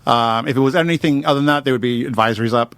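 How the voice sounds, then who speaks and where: A man's voice: mid-range voice, racing, a bit bright, clear, resonant tone, no room sound. A man guesting on a talk radio show, talking in a rambling, upbeat way with lots of fillers about improv and puppets. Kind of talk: casual radio interview.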